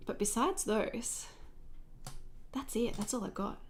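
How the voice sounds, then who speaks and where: This woman, in her thirties, talks slowly in a rather high, animated voice as she sets up her journal at her home desk for a livestream. Her craft-time chat is casual and meandering, and she drifts off-topic easily.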